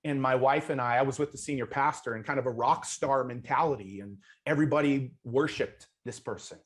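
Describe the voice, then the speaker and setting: A man of middle pitch hosts an interview. He talks casually and earnestly and keeps restarting his phrases as he goes. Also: brisk. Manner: earnest, loose with frequent restarts. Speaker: host.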